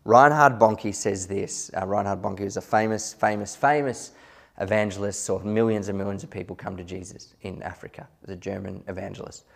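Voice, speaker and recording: Male preacher, low gravelly voice, earnest sermon delivery with casual asides. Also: fairly even intonation. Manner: earnest, emphatic, slows down to stress key words; loose and conversational, with small asides.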